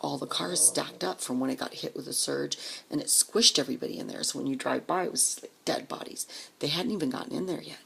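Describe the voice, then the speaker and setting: A woman with a deep, gravelly, slightly husky voice tells a personal story straight to the camera. She talks casually and swears a lot. She acts out the people she met, and sometimes she drops to a whisper. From Denver area, US. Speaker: vlogger.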